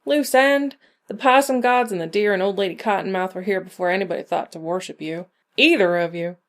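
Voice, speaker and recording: A woman's voice: mid-range voice, a little fast, lightly acted. A woman voicing an older rural witch, blunt, folksy and dryly grumbling, tired of endless fights. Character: weary, sharp-tongued old rural woman witch.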